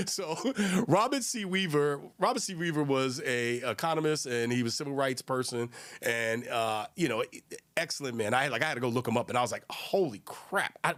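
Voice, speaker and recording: Animated man hosting a podcast. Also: a little high. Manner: emphatic, conversational, asks listeners rhetorical questions. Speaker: podcast host. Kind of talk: solo podcast commentary.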